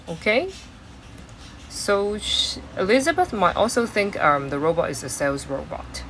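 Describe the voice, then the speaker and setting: Slow-talking woman teaching English. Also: lowish voice, a little hiss or hum, low-quality recording. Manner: explains slowly with many fillers and restarts. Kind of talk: exam-prep lesson.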